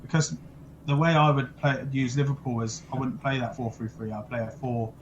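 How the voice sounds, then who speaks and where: A man's voice: medium pitch, fairly even intonation, moderate pace, dull audio, a little hiss or hum. A young man with a blunt, sweary, rambling manner, chatting casually about football over a video call. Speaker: football podcast co-host.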